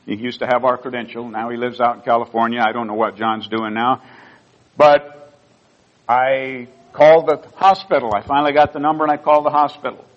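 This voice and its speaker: A man's voice: medium pitch, fairly even intonation, brisk, dull audio. Earnest older man preaching a sermon. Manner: earnest storytelling, rising emotion at key moments. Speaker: pastor. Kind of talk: sermon with personal stories.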